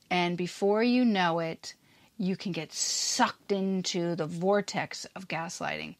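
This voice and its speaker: A woman's voice: lowish voice, animated, measured pace, dry recording. Woman podcast host, emphatic casual explainer, dry and close. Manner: emphatic, acts out quoted lines in passing.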